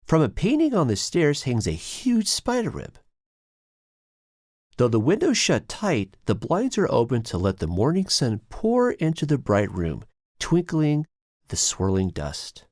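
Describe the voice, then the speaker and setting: A narrator reading a children's story with expressive, storytelling delivery. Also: mid-range voice, no echo. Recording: dry, close mic, with piano.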